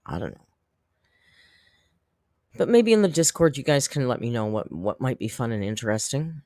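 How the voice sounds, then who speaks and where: A man's voice: mid-range voice, sing-song, normal speed, darkish tone, no echo, studio quality. A man hosting a casual livestream, chatting with viewers in a rambling, self-deprecating way and laughing often. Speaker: YouTube commentary host.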